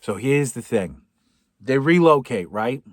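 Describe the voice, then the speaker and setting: A man recapping a film plot for comedy, rambling and sarcastic, with sudden loud outbursts and whispered asides. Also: medium pitch, expressive, a little slow, dry recording, studio quality. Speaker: podcast host.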